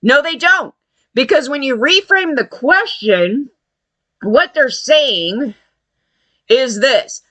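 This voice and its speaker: A woman tears into her subject in a heated, profane opinion rant, scornful throughout. Her voice sits high and swings widely in pitch. The sound is dry and close. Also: expressive, measured pace, sharp tone, dry recording. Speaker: commentator. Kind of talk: ranting opinion video.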